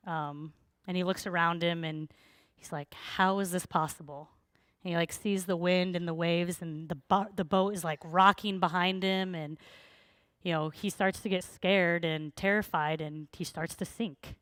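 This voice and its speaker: A woman's voice: lowish voice, fairly bright tone, clear, resonant tone, no echo. A woman preaching a sermon, telling the story in a chatty, informal way with plenty of fillers.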